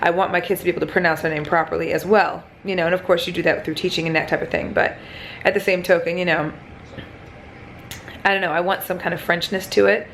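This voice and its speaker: A woman's voice: on the low side, steady tone, fast, fairly bright tone, a little hiss or hum. A young pregnant woman vlogging casually to camera, chatty and blunt, swearing freely and using lots of fillers. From American Midwest.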